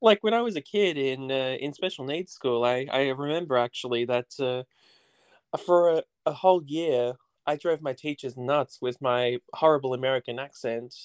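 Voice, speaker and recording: A man's voice: medium pitch, moderate pace, smooth, no room sound. Rambling Australian man, laughing often. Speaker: podcast guest. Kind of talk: casual podcast chat.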